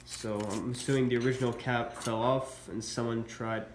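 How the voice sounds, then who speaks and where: A man's voice: medium pitch, level tone, normal speed. A man with a stuffy voice from a cold, casually showing military collectibles in a hesitant, filler-laden way. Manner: casual, hesitant, many uhs. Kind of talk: casual show-and-tell vlog. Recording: echoey room, faint background noise.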